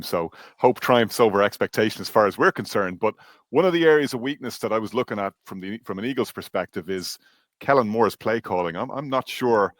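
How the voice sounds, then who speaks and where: Animated Irish man hosting. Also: on the low side, dry recording. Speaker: show host. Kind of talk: casual interview talk.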